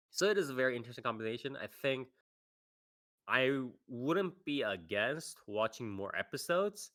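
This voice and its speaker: Bright-voiced man, laughing reviewer. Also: fairly low pitch. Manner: hedging, laughs a lot between points. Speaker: anime podcast co-host. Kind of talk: casual review chat on a live stream.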